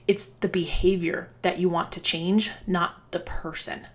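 A woman's voice: on the low side, flat delivery, a little slow, hardly any pauses. A woman dance coach giving earnest, conversational advice to other coaches. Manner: earnest, conversational, restarts and fillers. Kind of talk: instructional talk to coaches.

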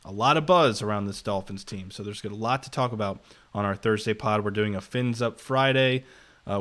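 This sports podcast co-host sounds stuffed up and nasal from illness, yet he stays cheerful while pitching future episodes on the casual show. He has a medium-pitched, fairly bright voice with a clean tone.

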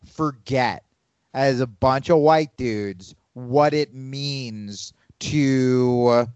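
A man in casual podcast chat, animated and profane, rambling through his opinions. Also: mid-range voice, extremely slow, clear, resonant tone, dry recording, highs cut off.

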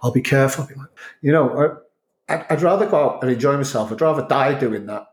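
Speaking briskly at medium pitch, this middle-aged North Walian guest has an accent with hints of Scouse and Manchester. He reflects casually and rambles, restarting sentences often, and his slightly mellow voice sounds reverberant.

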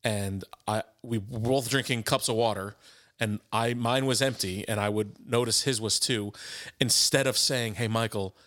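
Bright-voiced man musing in conversation. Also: fairly low pitch, steady tone, moderate pace. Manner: thoughtful, acts out quoted dialogue with restarts. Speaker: podcast co-host. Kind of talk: reflective conversational talk.

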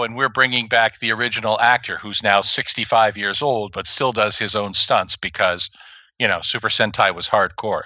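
Excitable man gushing about a favorite show. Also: mid-range voice, no room sound, highs cut off. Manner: excitable, self-aware, animated storytelling. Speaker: podcast co-host. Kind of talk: enthusiastic casual chat.

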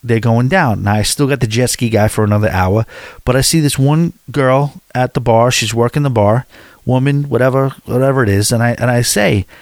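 A man's voice: medium pitch, a little fast, no room sound. Man, casual travel storyteller, rambling and candid, dry close sound. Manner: rambling, candid, talks straight to the viewer.

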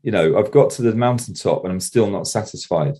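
Low mellow voiced guy, halting, kinda hunting for words. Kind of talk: casual chat.

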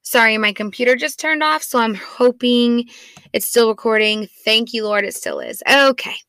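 A woman's voice: on the high side, very animated, moderate pace, sharp tone, smooth, no room sound. A woman in her thirties, a mother of four, telling a family story in a chatty, rambling, self-deprecating way with lots of "like". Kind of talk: casual storytelling podcast.

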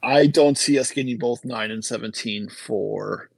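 A man's voice: mid-range voice, a little slow, creaky, darkish tone, no echo, rough recording. A man co-hosting a casual hockey podcast, reading out listener posts and weighing trades in detail. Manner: reads listener posts, analytical. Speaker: podcast co-host. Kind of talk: casual sports podcast chat.

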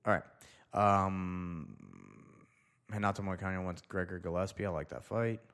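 Man, young adult, deep low voice, casual solo host, rambling, thinks out loud. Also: steady tone, moderate pace. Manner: loose, rambling, talks to himself while reading. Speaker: podcast host.

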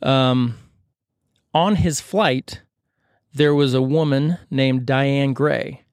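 A man's voice: medium pitch, drawn-out words, clear, resonant tone, dry recording. A man telling a story in a casual, joking way, rambling with lots of fillers and self-corrections.

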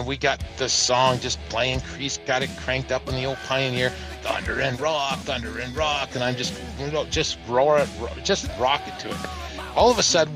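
A man, casually telling a long, animated anecdote on a podcast panel. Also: medium pitch, poor audio. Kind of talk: casual storytelling chat. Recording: music playing underneath.

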